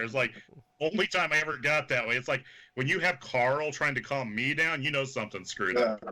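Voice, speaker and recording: Guest wrestler, male, from Kansas, sharp bright tone, swears and acts out quotes. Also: medium pitch, quick pace. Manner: animated, swearing anecdotes full of quoted voices. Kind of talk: casual storytelling chat.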